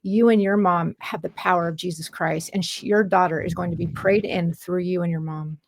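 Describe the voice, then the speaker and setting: A woman's voice: lowish voice, steady tone, normal speed, dry recording. Woman, podcast host, earnest, preachy, dry close sound. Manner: earnest, preachy, scripture-quoting. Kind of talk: faith-based encouragement and interview.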